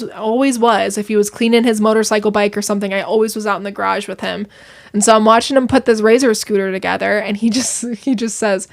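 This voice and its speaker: A young woman chatting as a podcast guest, telling stories in an animated way with quick asides. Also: medium pitch. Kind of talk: casual chat.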